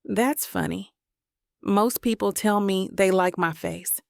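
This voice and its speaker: A woman's voice: medium pitch, slow, vocal fry, no echo, clean studio sound. A woman voicing a smug, confident male CEO. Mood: cool. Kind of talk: audiobook character dialogue.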